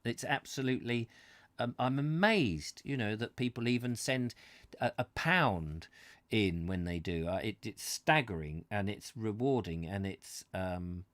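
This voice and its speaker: A man in his fifties talks straight to his viewers in a slightly low voice, earnest and heartfelt. He rambles and halts, restarting sentences as he hunts for the right word. The sound is dry and close, with no room echo. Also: animated, a bit bright. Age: 50s. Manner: halting and rambling, full of restarts and searching for words. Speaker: host of a live reading channel. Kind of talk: casual live chat to viewers. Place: his own studio.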